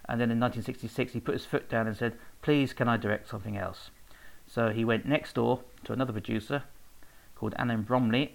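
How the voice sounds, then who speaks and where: Rambling man with a gravelly voice. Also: mid-range voice, rough recording. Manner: rambling and anecdotal, with fillers and self-corrections. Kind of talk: casual spoken talk about research.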